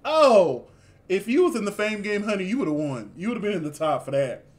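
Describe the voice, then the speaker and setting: A man co-hosting a casual review chat, animated and exclamatory, with sassy asides. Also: high-pitched, normal speed. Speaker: co-host reviewing a reality show.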